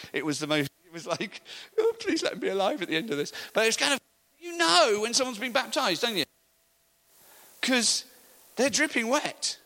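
A middle-aged man preaching a sermon, telling animated stories and laughing often. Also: on the high side.

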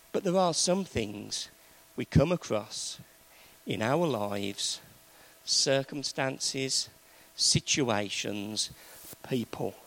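A man preaching a sermon to a congregation, emphatic, swinging between loud raised peaks and low, quiet stretches. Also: poor audio.

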